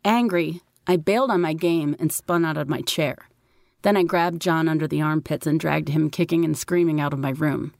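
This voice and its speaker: A woman's voice: deep voice, normal speed, vocal fry, a little mellow, dry recording, clean studio sound. A woman reading a first-person story in a wry, sardonic way. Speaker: narrator. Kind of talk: first-person audiobook narration.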